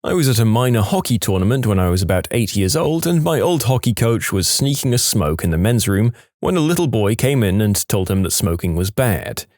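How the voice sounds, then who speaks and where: A man narrating funny reddit stories in an expressive, storytelling way. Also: on the low side, a little fast, few pauses, no echo, clean studio sound.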